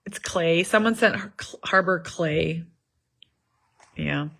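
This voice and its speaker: A woman's voice: lowish voice, takes it slowly, vocal fry, a bit bright. A woman in her thirties talks through a family story at home in a loose, chatty vlog. She rambles, circles back and fills gaps with likes and ums. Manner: rambling, chatty, many fillers and asides. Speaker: vlogger, mother of an autistic son. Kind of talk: casual family vlog chat. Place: home in the evening.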